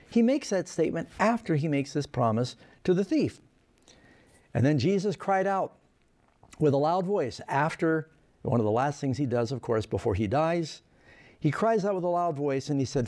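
A man's voice: fairly high pitch, sing-song, moderate pace, a little mellow. A man preaching a sermon, reading scripture aloud and stressing key lines with earnest emphasis.

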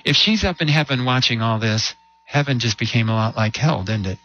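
A man delivers a sermon in a bright, forward voice at an ordinary pitch. He tells a story and keeps asking rhetorical questions, slowing and dropping low on the heavy points. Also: dull audio. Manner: storytelling with rhetorical questions and slow emphatic drops. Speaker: preacher.

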